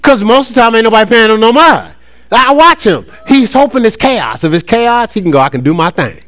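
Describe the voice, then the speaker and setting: A middle-aged man preaching a sermon, lively and conversational, often acting out playful voices. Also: very high voice, fairly quick, no room sound. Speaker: pastor.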